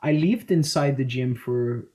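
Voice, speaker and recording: A man's voice: medium pitch, measured pace. Brazilian man telling stories, swearing. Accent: Brazilian Portuguese. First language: Portuguese. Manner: swearing, animated, acts out quotes. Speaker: guest, jiu-jitsu coach. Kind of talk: casual storytelling interview.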